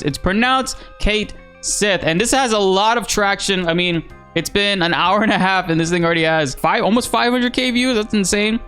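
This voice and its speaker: A man giving casual, animated commentary on gaming news, excitable and slangy, swearing freely. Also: a little high.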